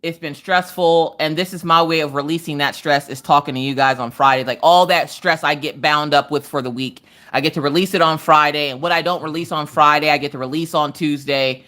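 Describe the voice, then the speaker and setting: A woman hosting a casual craft livestream, telling animated, exasperated stories about her family. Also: low-pitched, a little fast, few pauses. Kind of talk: casual chat.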